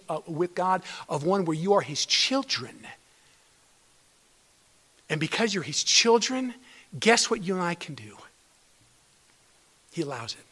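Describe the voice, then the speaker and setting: A man preaching a sermon to his congregation as a pastor, swinging between loud emphatic lines and hushed near-whispers. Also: fairly high pitch, slightly rough. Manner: addresses congregation as brothers and sisters. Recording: long hall reverb.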